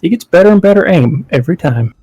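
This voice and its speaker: A man's voice: high-pitched, animated, quick pace, warm tone, breathy edge, no room sound, faint music behind, voice pushed up, heavily acted, rough recording. A man voicing a cheerful tour-bus guide with a folksy, upbeat patter. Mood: chirpy.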